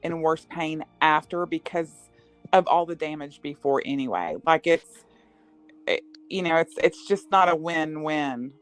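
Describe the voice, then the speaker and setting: A woman's voice: low voice, lively intonation, unhurried, soft background music, poor audio. A woman co-hosting a casual podcast chat, talking hesitantly and filling gaps with "you know" and "uh". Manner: hesitant, filler-heavy.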